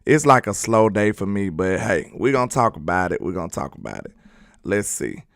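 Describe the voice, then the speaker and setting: A man's voice: on the low side, big pitch swings, fairly quick, creaky, no echo, clean studio sound. A man from Alabama with a Southern accent hosting a casual, joking sports talk show and chatting loosely with his viewers. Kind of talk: casual live sports commentary.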